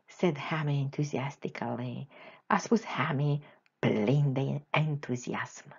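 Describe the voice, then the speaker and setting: A woman reading a children's story aloud in deliberate, clear phrases, like a teacher. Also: low-pitched, lo-fi sound. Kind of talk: slow bilingual story reading.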